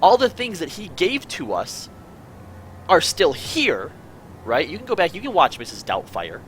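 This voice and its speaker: A man's voice: on the high side, huge pitch swings, unhurried, a bit bright, a little hiss or hum, low-quality recording. A man hosting a casual panel chat, asking his guests questions and rambling through his own musings. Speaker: podcast host.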